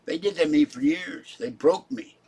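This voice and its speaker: A man's voice: a little high, moderate pace, warm tone, husky. A man chatting casually on his own livestream, rambling and muttering asides to his chat. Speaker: YouTube livestreamer.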